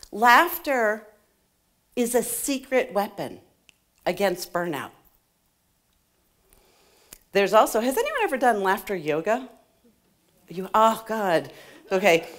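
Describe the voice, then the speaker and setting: Woman, middle-aged, motivational talk, animated, laughs often, wide-ranging pitch. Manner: animated, laughs often, playful asides to the audience. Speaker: conference speaker. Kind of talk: motivational talk to a live audience. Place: conference hall stage.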